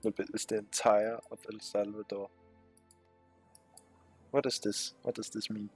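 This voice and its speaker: A man's voice: lowish voice, little pitch movement, a little slow, a little mellow, breathy edge, faint music behind. A man giving casual gameplay commentary, reading game text aloud with muttered, swearing asides. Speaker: strategy game let's player.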